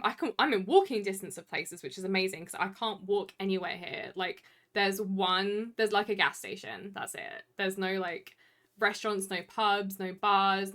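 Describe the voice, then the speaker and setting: A woman's voice: mid-range voice, sharp tone. Chatty young woman streamer. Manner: rambling, chatty, heavy use of "like" fillers. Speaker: live streamer. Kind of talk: casual chat with stream viewers.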